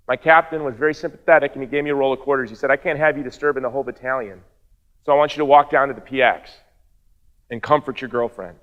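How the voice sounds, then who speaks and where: A man's voice: mid-range voice, in a large hall, highs cut off. Earnest man telling his story. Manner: earnest storytelling, wry asides. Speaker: speaker. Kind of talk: personal testimony speech.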